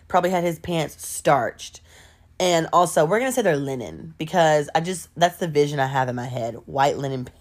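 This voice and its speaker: A woman telling a story on her home podcast, animated and chatty, full of asides. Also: sits low. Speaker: podcast host. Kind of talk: casual storytelling.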